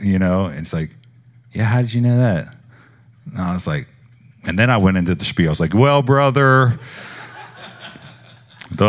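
A man preaching, telling personal healing stories in a rambling, animated way with many fillers. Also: sits low. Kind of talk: sermon testimony storytelling.

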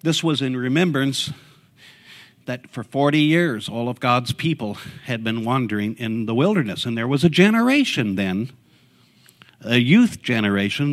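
High-voiced man giving a fervent testimony. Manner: fervent, rising to excited outbursts. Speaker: church member sharing a testimony. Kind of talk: impassioned church testimony.

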